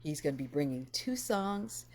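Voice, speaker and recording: A woman's voice: deep voice, sing-song, normal speed. A woman hosting a livestream over a video call, greeting viewers by name with effusive exclamations. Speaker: host.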